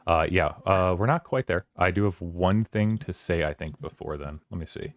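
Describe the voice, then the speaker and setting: A man's voice: deep voice, moderate pace. A man hosting a casual book club discussion on a stream, rambling and paraphrasing scenes from the story.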